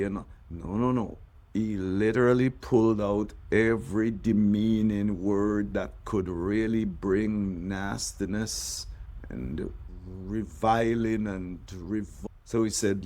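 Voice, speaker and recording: A man, a bishop, preaching a devotional sermon, drawing out key words and letting his phrases sink low and soft at the ends. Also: fairly even intonation, takes it slowly.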